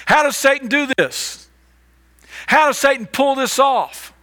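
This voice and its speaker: A male pastor delivers a sermon in a high, bright, forceful voice. He talks emphatically, circling back on phrases and sometimes stumbling through restarts. The delivery sounds tense and forward. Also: measured pace. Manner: emphatic, repetitive, stammers on restarts.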